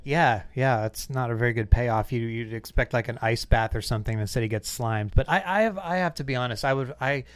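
A man's voice: mid-range voice, brisk, few pauses, clean tone, dry recording. A man hosting a podcast, chatting casually and a bit self-deprecating. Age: 30s or 40s. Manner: chatty, self-deprecating, retells stories with little voices. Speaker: podcast host.

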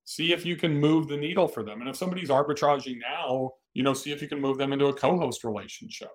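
A man's voice: fairly high pitch, fast talker, hardly any pauses. Plain-spoken man hosting a podcast. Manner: direct, coaching, plain-spoken. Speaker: podcast host. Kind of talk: solo podcast advice talk.

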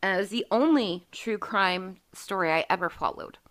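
A woman in her forties hosts a casual podcast chat, telling a personal story in a candid, profane way. She acts out quoted lines as she goes. Her voice sits at an ordinary middle pitch. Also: moderate pace, a bit bright. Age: 40s. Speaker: podcast host.

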